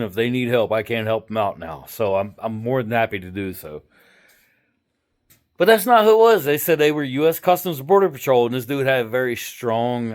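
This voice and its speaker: A middle-aged man with a voice of ordinary pitch tells a story in a loose, chatty way. He is irreverent and swears freely, and he turns animated when he acts out other people. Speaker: vlogger. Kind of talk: casual storytelling to camera.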